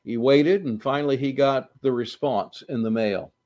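A man preaching a sermon, slow and deliberate, building to emphatic repetitions. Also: medium pitch, a little mellow. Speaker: pastor.

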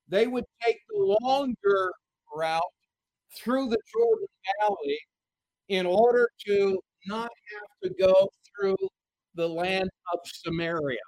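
A middle-aged man preaches in an earnest, measured way, his voice sitting notably high for a man. The sound is dry and close, with little room around it. He reads scripture aloud within the sermon. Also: a little mellow, dry recording, low-quality recording.

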